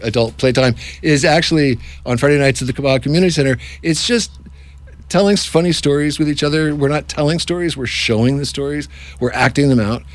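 Lively man hosting improv nights. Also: fairly high pitch, a little fast, no room sound. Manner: animated, jokey, self-interrupting. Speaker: improv workshop host. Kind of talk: casual radio-style interview.

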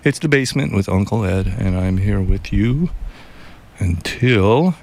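A man hosting a community radio show in a studio, talking in a relaxed, chatty and joking way. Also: fairly low pitch, measured pace. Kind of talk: casual live radio talk. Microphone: studio mic with headphones.

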